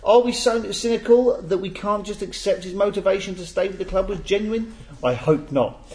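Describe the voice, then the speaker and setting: A man's voice: high voice, normal speed, a little mellow. A man hosting a casual football podcast panel, reading out listener emails with jokes and stumbles. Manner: jokey, stumbles and laughs while reading. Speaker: podcast host.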